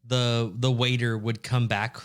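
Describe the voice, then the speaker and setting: A man's voice: medium pitch, little pitch movement, a little slow, clear, resonant tone. Rambling joking young man podcast co-host. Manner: rambling, joking storyteller with playful impressions. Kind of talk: casual chat.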